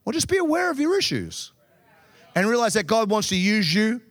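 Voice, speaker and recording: A man preaching a sermon in a lively, joking way with quick asides. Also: high-pitched, no room sound. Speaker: pastor.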